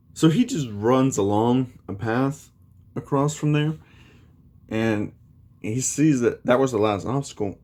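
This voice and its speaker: A man's voice: medium pitch, a little mellow. A young man casually retelling a fan story, rambling with lots of fillers. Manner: rambling, many fillers like "you know".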